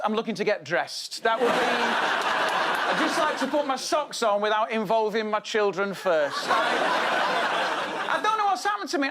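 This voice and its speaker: A man in his forties doing a wry, self-deprecating stand-up set in a studio with a live audience. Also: extremely high pitch. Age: 40s. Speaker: comedian. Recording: loud studio crowd and noise.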